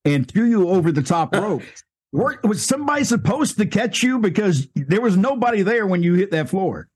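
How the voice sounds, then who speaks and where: Husky-voiced male host asking questions. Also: high voice, big pitch swings, fairly quick. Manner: prompting, reacting, laughs along. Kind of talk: interview questions.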